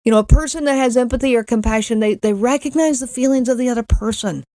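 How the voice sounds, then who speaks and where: A woman's voice: a little high, fast talker, mellow, no room sound, clean studio sound. A middle-aged woman hosting a podcast, telling a personal story in an earnest way, often repeating words and acting out what others said. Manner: earnest, repeats words, acts out quoted lines. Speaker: podcast host.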